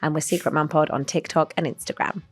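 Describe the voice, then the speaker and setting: A woman's voice: sits low, fairly even intonation, fast, breathy edge, no room sound. A British woman co-hosting a podcast, telling stories with frequent laughs. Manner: laughing, chatty storytelling. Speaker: podcast co-host. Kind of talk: casual chat.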